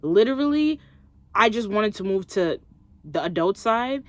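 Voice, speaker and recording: A woman's voice: medium pitch, lively intonation, measured pace, no echo. A young woman vlogging, chatting expressively as she tells a story and acts out what others said. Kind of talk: casual storytelling to camera.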